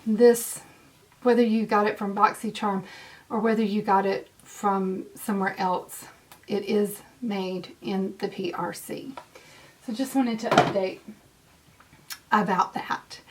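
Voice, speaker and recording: Gushing woman in her fifties, slow. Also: medium pitch, fairly even intonation. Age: 50s. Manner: gushing, effusive, repeats herself. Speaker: beauty vlogger. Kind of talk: giveaway announcement vlog.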